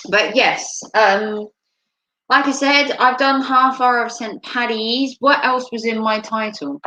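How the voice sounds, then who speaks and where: A woman chatting casually on a live stream, rambling and filling pauses with frequent ums. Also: a little high, sharp tone, low-quality recording. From United States.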